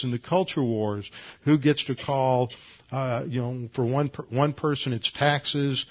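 A man preaching a verse-by-verse Bible teaching in a measured, explanatory way, with frequent fillers and restarts. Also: mid-range voice, lo-fi sound.

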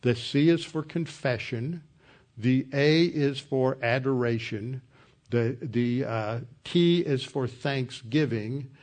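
A man's voice: medium pitch, slow, darkish tone. A man teaching a Bible study as a pastor, explaining scripture verse by verse with frequent fillers and restarts.

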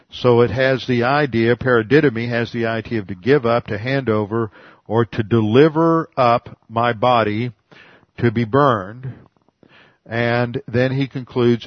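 A man's voice: medium pitch, dry recording, dull audio. A man giving a verse-by-verse Bible teaching, methodically explaining Greek words one at a time.

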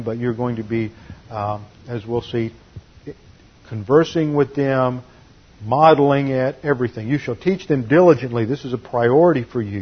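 Male pastor, expository sermon, husky tone, dull lo-fi recording, methodical point-by-point teaching. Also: medium pitch. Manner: methodical teaching, numbered points, steady emphasis.

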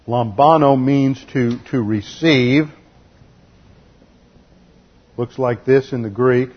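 Deliberate male Bible teacher, muffled recording. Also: medium pitch, breathy edge. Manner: deliberate, spells out Greek words letter by letter; lecturing, corrects translations.

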